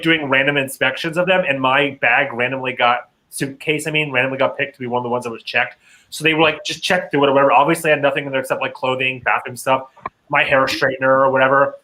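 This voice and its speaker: A man's voice: medium pitch, bright, forceful tone, poor audio. A man co-hosting a podcast, telling a story in chatty casual talk full of fillers and swearing. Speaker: podcast co-host.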